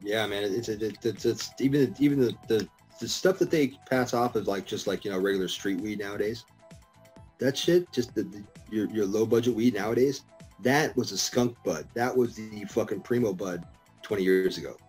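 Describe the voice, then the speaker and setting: Middle aged guy, kinda low voice, cussing and laughing thru casual podcast chat. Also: moderate pace, a little mellow, faint music behind. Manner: profane, laughing storyteller. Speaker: podcast guest.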